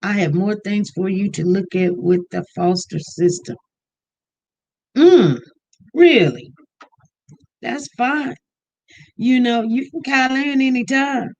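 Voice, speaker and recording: An easygoing live-stream host speaks slowly and deliberately, reading out viewers' names one after another. The voice sits at a middle pitch, and the delivery is relaxed and conversational. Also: gravelly. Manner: unhurried, warm greetings of viewers by name. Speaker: livestream host. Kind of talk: casual live-stream chat greeting viewers.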